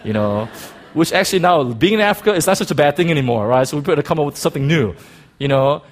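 A man preaching a sermon, telling a personal story in an excited, animated way with many restarts. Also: on the high side, quick pace.

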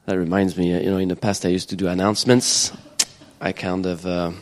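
A man with a French accent speaks to a church congregation in a somewhat low voice. He is earnest and hesitant, full of "um"s and restarts. When he reads scripture his delivery grows slower and more emphatic. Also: little pitch movement. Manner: hesitant, many fillers, earnest. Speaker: church speaker leading a service. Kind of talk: sermon with prayer and scripture reading.

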